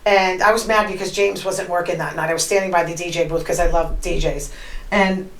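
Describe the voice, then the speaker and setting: A woman hosting a podcast, chatting in an opinionated, animated way as she retells gossip and quotes people. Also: on the low side, fairly quick, echoey room, poor audio. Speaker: podcast host. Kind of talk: casual gossip monologue.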